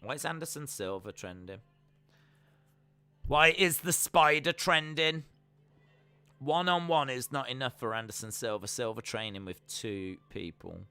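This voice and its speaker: A man's voice: mid-range voice, lively intonation, unhurried, bright, forceful tone, clean tone, dry recording, soft background music. A man chatting casually on a live reaction stream, repeating himself often as he talks. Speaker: streamer hosting a watch-along.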